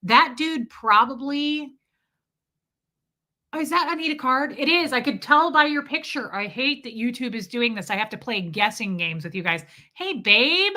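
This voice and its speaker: A woman's voice: high-pitched, expressive, normal speed, pushed and bright. A woman from the US Midwest hosting a casual live stream, chatting sarcastically with viewers. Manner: sarcastic, ranting, throws in mocking impressions.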